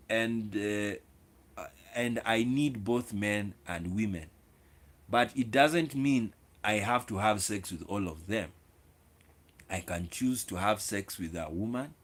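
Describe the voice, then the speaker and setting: Man lecturing viewers in a monologue. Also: fairly low pitch. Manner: lecturing, with repeated words and restarts; addresses viewers directly. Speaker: video host. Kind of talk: opinionated solo monologue.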